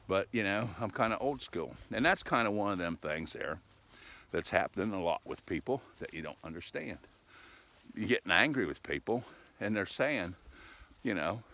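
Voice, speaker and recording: A man's voice: deep voice, very animated, moderate pace, pushed and bright. A middle-aged man chatting casually while out walking his dogs, in a folksy, meandering way, often tagging lines with "eh?". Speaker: vlogger. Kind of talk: casual rambling chat.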